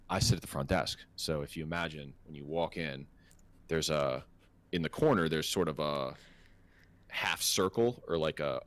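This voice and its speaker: A man hosting a podcast, telling a story in an animated, profane, laughing way. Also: a bass voice. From North America. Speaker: podcast host. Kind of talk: casual storytelling chat.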